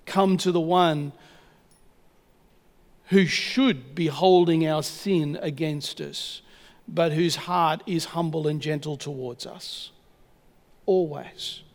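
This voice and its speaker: A man preaching a sermon and leading a communion prayer, earnest and measured, slowing down to stress key words. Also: on the high side, fairly even intonation. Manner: earnest, measured, slows for emphasis. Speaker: pastor. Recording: long reverb of a church hall.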